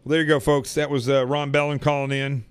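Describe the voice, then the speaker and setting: Joking talk show host from Arkansas. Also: male voice, mid-range voice, flat delivery, quick pace, clear, resonant tone, dry recording. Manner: joking, friendly, lots of fillers. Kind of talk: casual chat with a caller.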